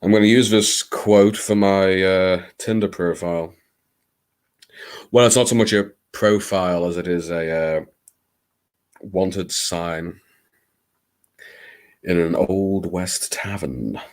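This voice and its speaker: A man's voice: low-pitched, slow, pauses often. A man hosting a late-night live stream, chatting in a theatrical, rambling, self-mocking way.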